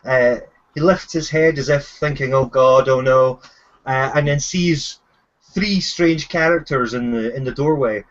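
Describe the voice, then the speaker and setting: A man narrating a tabletop game as its game master, his speech unhurried and full of halting restarts. His pitch sits a little above the usual for a man. The sound is muffled and lo-fi, like voice chat. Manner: hesitant, frequent fillers and restarts.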